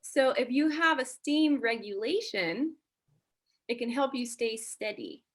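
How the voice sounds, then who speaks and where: A woman's voice: on the high side, lively intonation, unhurried. A woman who is a guest on a podcast, walking through a numbered list of points in casual conversation. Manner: explains points from a numbered list, says "mm-hmm" often while listening.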